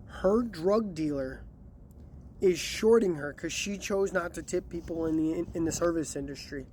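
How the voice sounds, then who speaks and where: A man's voice: high-pitched, normal speed, a little mellow, a little hiss or hum. A man casually telling a story about delivering pizza, acting out the lines of the people in it. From Chicago area. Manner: chatty, acts out quotes.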